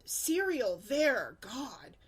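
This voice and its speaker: A woman's voice: very high-pitched, very animated, moderate pace, pitched above the performer's own voice. A woman mimicking her young daughter as a sulky, whiny girl who snaps back and denies everything. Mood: snippy.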